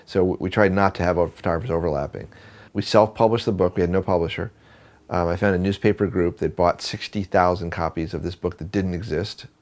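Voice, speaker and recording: A man with a low, deep voice tells a long story at a quick clip. He talks conversationally, with plenty of fillers and restarts. He acts out the voices in the dialogue he recalls. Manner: animated, acts out quoted dialogue. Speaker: photographer and book producer. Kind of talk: storytelling interview.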